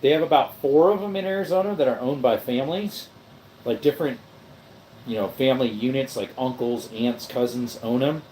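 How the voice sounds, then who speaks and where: A man's voice: medium pitch, fairly quick, a little mellow, slight background noise. A man hosting a casual livestream, rambling loosely and answering viewers' chat as he reads it. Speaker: livestream host. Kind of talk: casual live stream chat. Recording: echoey room.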